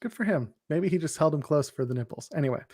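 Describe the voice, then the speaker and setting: A man's voice: on the high side, animated, fast, a little mellow, no room sound, clean studio sound. A man co-hosting a wrestling podcast, recapping matches in a wry, joking, rambling way. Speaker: podcast co-host. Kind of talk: casual wrestling chat.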